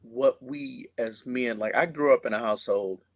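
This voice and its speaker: A man speaking thoughtfully and sincerely in a measured way, reflecting on his upbringing as a podcast co-host. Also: medium pitch, no echo. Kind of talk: reflective conversation.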